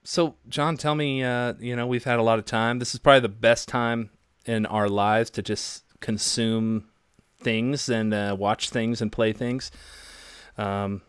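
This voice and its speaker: A man's voice: medium pitch, fairly even intonation, unhurried, clean tone, no room sound, studio quality. A man in his thirties co-hosting a podcast, talking in a rambling, jokey way. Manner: rambling, jokey, lots of fillers. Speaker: podcast co-host. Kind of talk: casual podcast chat.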